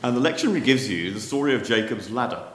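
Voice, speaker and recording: A man preaching a sermon, telling stories in a measured, wry manner. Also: mid-range voice, expressive, a bit bright, reverberant, a little hiss or hum. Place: church.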